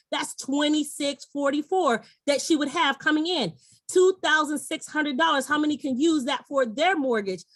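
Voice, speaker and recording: A woman's voice: high-pitched, moderate pace, fairly bright tone, no echo. A middle-aged woman giving an enthusiastic, persuasive sales presentation online, talking straight to her audience.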